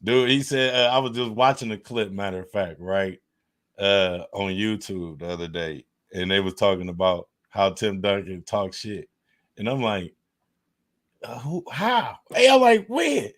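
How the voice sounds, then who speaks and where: A man's voice: low-pitched, steady tone, moderate pace, a bit bright. A man co-hosting a sports podcast in casual chat, talking in a laid-back, slangy way. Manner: laid-back slangy talk, laughs along. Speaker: podcast co-host.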